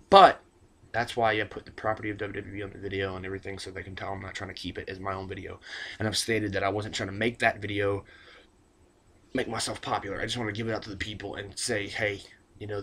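A man ranting in a casual webcam vlog, rambling and excitable, stumbling over his words, recorded on a built-in laptop mic indoors at home. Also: lowish voice, slight background noise. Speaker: wrestling vlogger.

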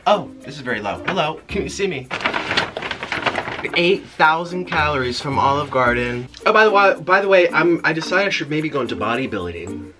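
A man hosting a food-eating vlog, chatting excitedly with viewers as he unboxes gifts and shows his food. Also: a little high, moderate pace, music in the background. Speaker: mukbang host. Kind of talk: casual vlog chat while unboxing and eating. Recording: noticeable background noise.

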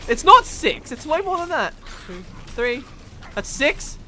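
A man hosting a casual gameplay video, excitable, laughing often and swinging between mumbles and shouts. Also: very high voice, unhurried, a little hiss or hum. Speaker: gaming video host.

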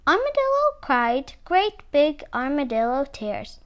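A woman reading a picture book aloud to children, with expressive, animated storytelling. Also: sits high, a little slow, lo-fi sound.

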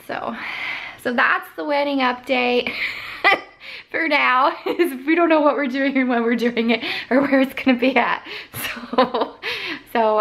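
A woman's voice: fairly high pitch, gravelly, fairly bright tone. A woman in her thirties chatting casually to camera in her bedroom as a vlogger, filling her talk with fillers and small laughs. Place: bedroom at home.

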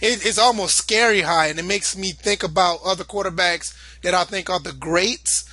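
Hyped-up guy on a sports podcast, high bright voice, keeps repeating himself. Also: moderate pace, no room sound. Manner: excitable, repeats himself, slangy. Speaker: podcast co-host. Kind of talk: casual sports chat.

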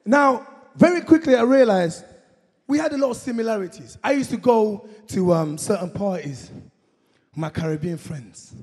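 A young man from Congo doing a stand-up comedy set, energetic, shouting punchlines and acting out his parents. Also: high-pitched, moderate pace, husky. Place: comedy concert stage. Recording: live show in a hall with long reverb.

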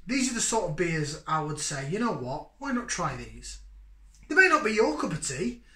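Male vlog host, fairly high voice, chatty and rambling, echoey room. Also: sing-song, normal speed, sharp tone. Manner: chatty and rambling with many fillers. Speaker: beer review host. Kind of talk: casual beer review chat.

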